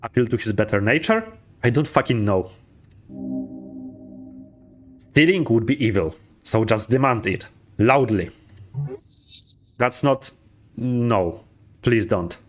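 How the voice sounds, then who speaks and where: A man thinking aloud through a game in a casual let's play, with a mid-pitched, ordinary voice. He talks loosely, with swearing, self-corrections and little chuckles. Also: lively intonation, slow pace, long pauses, soft background music.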